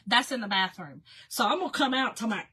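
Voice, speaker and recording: A woman chatting with live viewers while she works on a craft project, animated and quick to laugh, with soft near-whispered asides. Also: a little high, breathy edge. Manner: chatty and animated, laughs often, calls viewers "y'all" and "girl". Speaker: livestream host doing a craft project.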